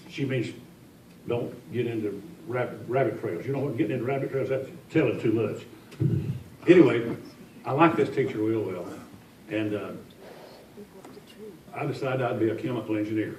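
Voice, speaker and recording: A man's voice: mid-range voice, normal speed, long pauses, a little mellow, slight background noise. An older man from Tennessee, telling folksy, joking stories as a guest speaker. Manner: folksy, joking, self-deprecating. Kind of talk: after-dinner storytelling speech. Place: large indoor function room. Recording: echoey hall from a distance.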